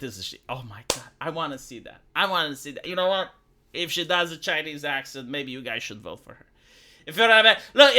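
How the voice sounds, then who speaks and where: Commentary streamer, sarcastic and rambling, pitch swooping up and down a lot. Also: bright, forceful tone. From Romania. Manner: rambling and sarcastic, heavy on fillers. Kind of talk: casual commentary vlog.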